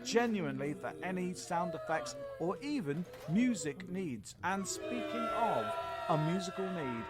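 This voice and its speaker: Brief: comedy podcast host, playful and theatrical, high-pitched. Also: male voice, sing-song, a little slow, over music. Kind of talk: comic narration and credits.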